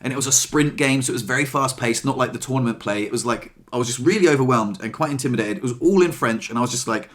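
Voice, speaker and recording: A man recounting his week to camera in a casual vlog, expressive and swearing freely, acting out what people said. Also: medium pitch, fast talker, hardly any pauses. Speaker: vlogger.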